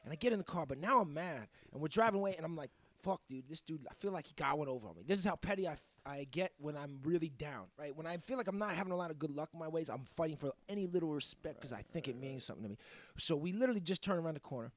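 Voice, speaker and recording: Host, male, quick and a touch high-voiced, swears freely, dry close sound. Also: dry recording. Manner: fast, profane, animated storytelling. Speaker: podcast host. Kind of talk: casual chat, storytelling.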